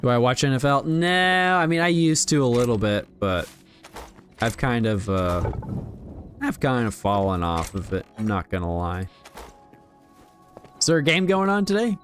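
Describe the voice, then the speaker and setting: A man chatting casually on a game livestream, rambling and relaxed as he talks to his viewers while playing. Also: medium pitch, moderate pace, faint music behind. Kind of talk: casual gaming livestream chat.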